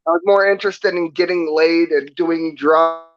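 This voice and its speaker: A man's voice: on the high side, steady tone, moderate pace. Profane, sarcastic man from New York. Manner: defensive, profane, sarcastic rant. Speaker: stream guest. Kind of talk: heated casual chat. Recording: dull lo-fi stream audio.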